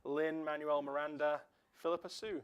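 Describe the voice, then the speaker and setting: A man hosting a livestream quiz, chatty and relaxed, reading out answers between ums and little asides. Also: fairly high pitch, moderate pace, clear, resonant tone. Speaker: fundraiser stream host.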